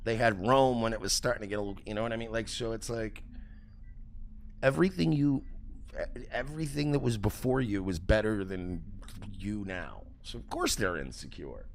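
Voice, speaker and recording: A man hosting a livestream, telling a story in a profane, animated rant. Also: lowish voice, moderate pace, creaky, a little hiss or hum. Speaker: host.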